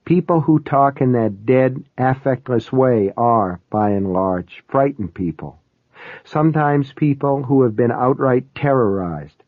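A man reading a first-person novel aloud in a wry, measured way. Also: mid-range voice, no room sound. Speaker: audiobook narrator. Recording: tinny, phone-like, dry.

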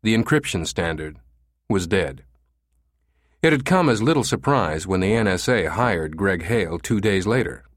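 A man reading a novel aloud as an audiobook narrator, with a steady, measured storytelling delivery. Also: low voice, dry recording, clean studio sound. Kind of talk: scripted narration.

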